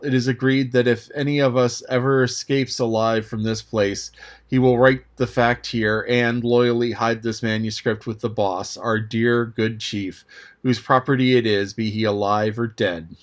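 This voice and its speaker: A man narrating a classic novel aloud as an audiobook reader, in a measured, even manner. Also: medium pitch. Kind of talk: scripted narration.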